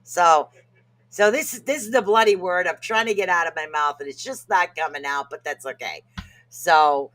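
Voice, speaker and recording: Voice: medium pitch, moderate pace, a bit bright, faint music behind. A podcast co-host giving a casual self-help talk, joking and laughing at their own stumbles over hard words.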